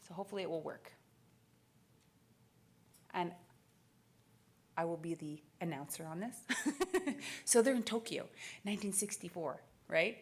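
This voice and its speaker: A woman in her thirties from Canada, giving an animated, story-driven keynote speech at a conference, laughing often and acting out the dialogue. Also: fairly low pitch, unhurried, long pauses, husky. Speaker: keynote speaker. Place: conference stage.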